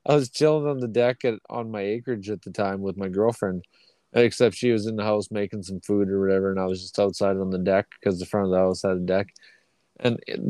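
A man's voice: fairly low pitch, fairly even intonation, brisk, mellow, dry recording. A man from Canada telling long, rambling, profane stories in a casual podcast chat. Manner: profane, rambling anecdotes with acted quotes. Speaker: podcast co-host.

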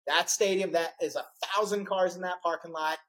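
A middle-aged man hosting a podcast, telling a story in a lively, animated way and acting out the people he quotes. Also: high voice, normal speed, low-quality recording. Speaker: podcast host. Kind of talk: casual interview storytelling.

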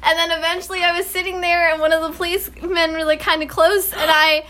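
Bright, high-voiced young woman. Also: flat delivery, fast. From Ireland. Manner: giggly, rambling anecdote with filler words. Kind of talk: casual storytelling chat.

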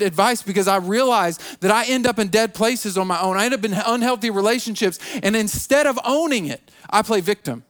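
This man's voice sits high and fairly bright, moving at normal speed with few pauses. Preaching as a pastor, he repeats himself, restarts phrases in a stammering way, and acts out the excuses people give.

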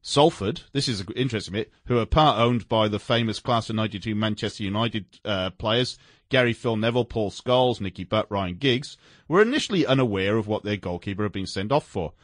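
A man's voice: on the low side, fairly quick, dry recording. Guy on a sports radio show, very up and down voice, dry close mic, reads funny news bits. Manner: animated, laughs while reading stories aloud. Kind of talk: casual sports chat, reading news items.

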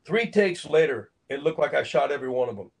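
A man's voice: a little high, animated, a little fast, gravelly, poor audio. An older man from Phoenix, an actor, telling a story in an interview, acting out quotes and laughing between lines. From Phoenix, Arizona, USA. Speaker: actor and guest.

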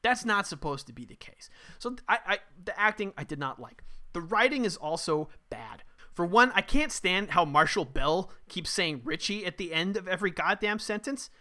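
A man's voice: high voice, animated, normal speed, hardly any pauses, bright, forceful tone. A man co-hosting a casual movie review podcast, ranting bluntly and profanely. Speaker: podcast co-host.

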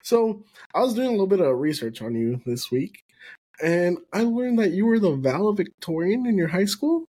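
A man's voice: high-pitched, very animated, moderate pace, warm tone, breathy edge. A man hosting a podcast, a Spanish speaker, chatting casually with his guest, encouraging her and laughing often. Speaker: podcast host. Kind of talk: casual interview chat.

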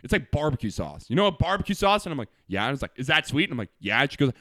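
Animated, bright-voiced young man. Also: medium pitch, fast, no room sound, clean studio sound. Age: 20s. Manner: animated storyteller, laughs often, acts out quotes. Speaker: podcast co-host. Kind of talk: casual chat.

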